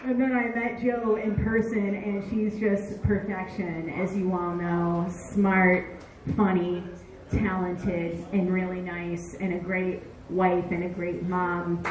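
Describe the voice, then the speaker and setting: Halting woman giving a heartfelt tribute. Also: on the low side, flat delivery. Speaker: comedian. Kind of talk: tribute speech. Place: comedy bar stage with audience. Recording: echoey room with crowd.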